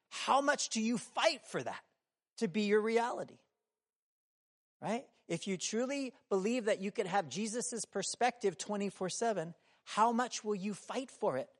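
A man preaching a sermon in a conversational way, asking the room many questions and acting out the voices in his story, sometimes shouting. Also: sits high. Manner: acts out quoted voices, shouting at times.

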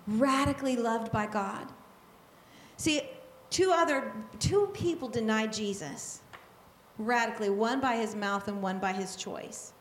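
High-voiced woman preaching a lively sermon. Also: reverberant, a little hiss or hum. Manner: animated and conversational, with quick asides and repetition.

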